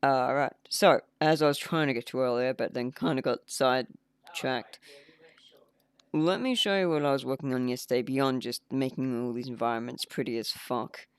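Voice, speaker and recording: Indie dev man on a livestream: chatty, self-mocking, clear voice, dry sound. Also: medium pitch, moderate pace, dry recording. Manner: rambling, chatty, laughs at himself. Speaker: indie game developer streaming. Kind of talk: casual livestream chat.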